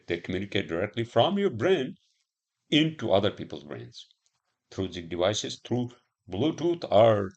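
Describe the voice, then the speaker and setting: A man's voice: lowish voice, creaky. A man rambling in a casual monologue, swearing often and musing aloud with lots of fillers.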